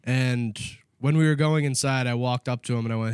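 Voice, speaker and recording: A man co-hosting a podcast, telling a story in casual chat, animated and profane, acting out what others said. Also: mid-range voice, a little fast, hardly any pauses, clear, resonant tone, no echo, studio quality. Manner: animated, profane, acts out quoted voices. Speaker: podcast co-host.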